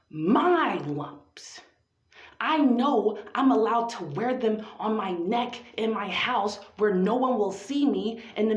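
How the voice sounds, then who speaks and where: Woman, fairly high voice, profane spoken-word monologue, theatrical and drawn out, echoey lo-fi room recording.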